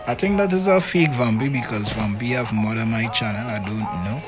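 A man's voice: mid-range voice, a little fast. Teasing male game streamer. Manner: animated, teasing, keeps tacking on "boy". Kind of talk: live gaming stream chatter. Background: music.

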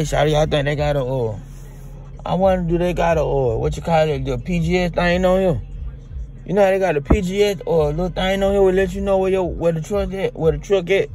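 A man with a high, light voice talks from inside a truck. He rambles and drawls through a loose comedic monologue. He keeps circling back to calling the listener "shawty.". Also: gravelly, a little mellow. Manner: rambling, drawling, peppers talk with "boy" and "shawty". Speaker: comedic character vlogger.

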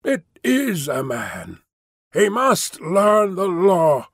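A hunched creature growls out a law from the dark in a slow, commanding sing-song, put on by a man. The voice is thick, with a strange whistling overtone, pitched a little high. It sounds dry and close, like a storybook reading. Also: huge pitch swings, gravelly, husky, dry recording, heavily acted. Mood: intoning. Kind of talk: audiobook character voice.

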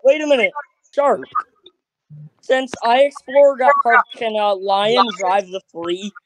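A woman's voice: on the high side, steady tone, measured pace, poor audio. Blunt woman with a raised voice. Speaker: game player. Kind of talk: casual gaming voice chat.

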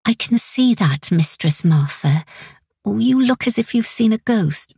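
A woman doing a calm, soothing maidservant. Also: medium pitch, unhurried, creaky, breathy edge, dry recording, clean studio sound, heavily acted. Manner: calm, reassuring.

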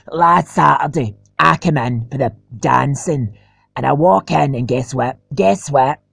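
A man's voice: mid-range voice, slow pace, a bit bright, dry recording, studio quality, heavily acted. A man with a Scottish accent voicing a foul-mouthed female animal who rants crude gossip about her sister. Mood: ranting. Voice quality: gravelly.

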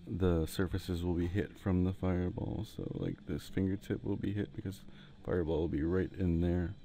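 A man giving a relaxed, rambling painting tutorial with jokey asides, talking into a headset mic. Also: low voice, moderate pace, a little hiss or hum. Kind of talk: casual tutorial commentary while painting. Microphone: headset mic, breathing into it.

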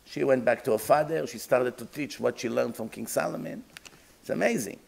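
A man's voice: medium pitch, fairly quick, gravelly, a little mellow, breathy edge, rough recording. A man, a rabbi giving a Torah lecture, emphatic and full of rhetorical questions, acting out imagined dialogues.

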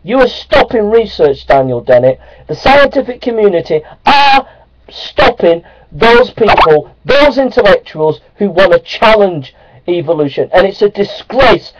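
A man's voice: high voice, unhurried, noisy background. A man ranting angrily into his camera, repeating short indignant phrases. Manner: repeating short angry phrases, building up then calming down. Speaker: video blogger. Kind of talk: angry ranting monologue. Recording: dull lo-fi webcam audio.

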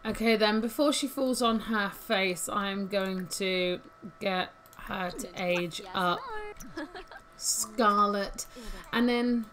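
A woman's voice: mid-range voice, slow pace, fairly bright tone, slight background noise. A woman casually commentating her life-simulation gameplay, chatty and giggly as she thinks aloud. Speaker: gaming YouTuber. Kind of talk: casual let's-play commentary. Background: faint game music.

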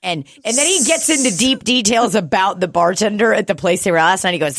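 A woman's voice: medium pitch, expressive, fairly quick, few pauses, fairly bright tone, dry recording, clean studio sound. A young woman co-hosting a podcast who tells a bar story in a casual chat, laughing often and acting out the customers' voices. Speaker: podcast co-host.

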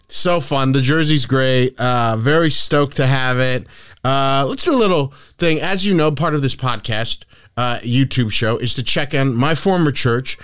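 Profane, excitable man hosting a podcast. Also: fairly high pitch, moderate pace, smooth, no echo. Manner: profane, excitable storytelling with loud bursts. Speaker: podcast host. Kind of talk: casual comedic podcast chat.

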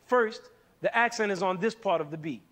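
A man's voice: high voice, normal speed, a bit bright. A man hosting a scripted music lesson, playful and demonstrating rhythms by counting beats aloud. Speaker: music educator and show host.

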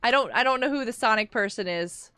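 A woman's voice: a little high, quick pace, sharp tone, smooth, dry recording. A woman streaming a game, chatting casually with her viewers, answering chat aloud and laughing often.

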